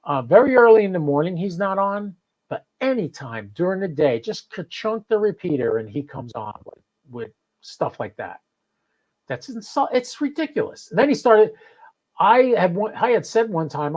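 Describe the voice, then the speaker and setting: A man's voice: high voice, big pitch swings, normal speed, darkish tone, lo-fi sound. Chatty New man ranting. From New Jersey. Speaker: host. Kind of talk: live podcast chat.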